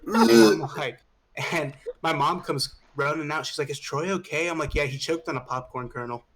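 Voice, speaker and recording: A man's voice: a little high, normal speed, a bit bright. A young man co-hosting a casual podcast, telling a long party story with swearing and laughs. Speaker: podcast co-host.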